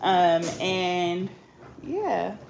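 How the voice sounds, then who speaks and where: A woman's voice: fairly low pitch, very animated, drawn-out words, gravelly, slight background noise. A young woman, chatting casually as a vlogger in a loose, slangy, joking way. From Bay Area, California. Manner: loose, slangy and joking, with bursts of loud scolding. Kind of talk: casual chat.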